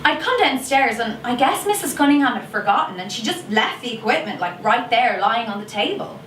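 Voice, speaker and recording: A woman's voice: on the high side, expressive, a little fast, a bit bright. A woman playing a gossipy Irish schoolgirl. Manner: chatty, confessional, slips into gossipy asides. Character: Irish teenage schoolgirl, sheepish yet defiant. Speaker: stage actor performing a monologue. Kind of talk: theatrical monologue. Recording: echoey room, distant mic, noisy video call.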